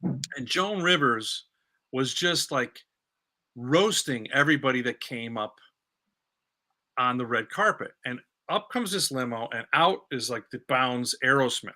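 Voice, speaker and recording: A man, a comedian hosting the conversation, telling a story in animated casual chat. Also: mid-range voice, unhurried. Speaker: comedian host.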